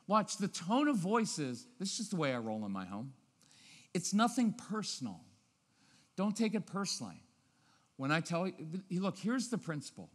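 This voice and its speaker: A man giving a live parenting seminar, acting out scenes and switching between loud and quiet, low-key tones. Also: sing-song, normal speed. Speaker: parenting speaker. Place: church auditorium. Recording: long reverb of a large hall.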